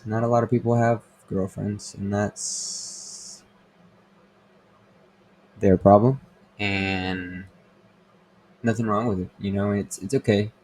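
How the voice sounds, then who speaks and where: A man's voice: lowish voice, little pitch movement, slow pace, pauses often, a little mellow, a little hiss or hum. A young man hosting a casual podcast, rambling and swearing a lot, with many fillers. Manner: rambling, profane, full of fillers. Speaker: podcast host. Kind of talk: casual crude monologue.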